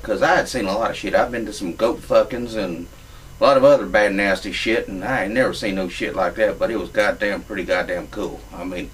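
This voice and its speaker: A man's voice: low-pitched, distant mic, a little hiss or hum, rough recording. A man, telling a crude comic story in a profane, drawling redneck manner. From Louisiana.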